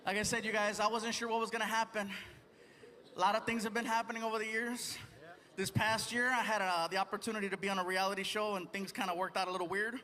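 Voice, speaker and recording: A male stand-up comedian performing on a large theater stage, chatty and animated as he acts out voices. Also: sits high, quick pace, long reverb tail. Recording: live theater with crowd noise.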